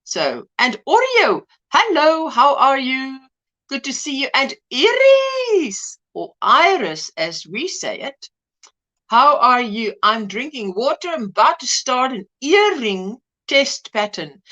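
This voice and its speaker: A woman hosting a casual crafting livestream, chatting and greeting viewers one by one by name with quick asides. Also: high voice. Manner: animated, quick asides and laughs. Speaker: livestream host.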